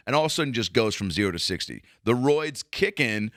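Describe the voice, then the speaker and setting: A man hosting a comedy podcast, talking in a casual, profane, animated monologue and acting out quotes in raised voices. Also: lowish voice, moderate pace, no echo, studio quality.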